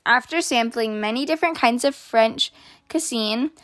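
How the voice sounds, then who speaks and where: A woman hosting a children's story podcast, reading aloud in a gentle, expressive way. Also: a little high, moderate pace. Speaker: host, storyteller.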